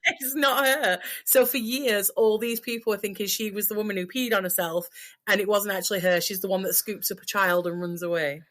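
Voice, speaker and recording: A woman's voice: medium pitch, fairly even intonation, brisk, fairly bright tone. Broad Yorkshire woman, podcast guest. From Sheffield, England. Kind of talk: casual podcast chat. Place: home.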